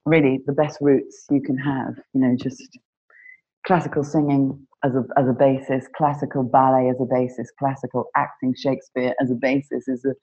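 A woman with a notably low voice tells her story in an earnest, reflective way. The sound is a little dull and lo-fi, as if recorded at home. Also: little pitch movement, normal speed, dark tone, slightly rough. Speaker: panel guest, performer. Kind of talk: casual conversation. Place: home during lockdown.

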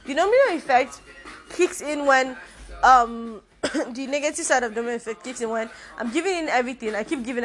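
A young adult woman hosting her own podcast, talking casually and informally, with playful asides. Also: fairly high pitch. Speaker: podcast host. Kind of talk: casual solo podcast talk.

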